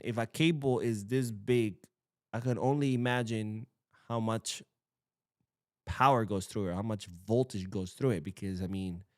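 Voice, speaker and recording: A young man hosting a casual livestream, reading chat comments aloud and swearing freely in an animated way. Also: fairly low pitch, dry recording, studio quality. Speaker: livestream host. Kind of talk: casual live-stream chat.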